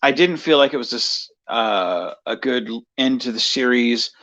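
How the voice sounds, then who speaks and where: A man's voice: mid-range voice, animated, measured pace, a bit bright. Rambling man, dull lo-fi sound. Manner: rambling, many fillers and restarts. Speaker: vlogger. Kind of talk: casual personal monologue.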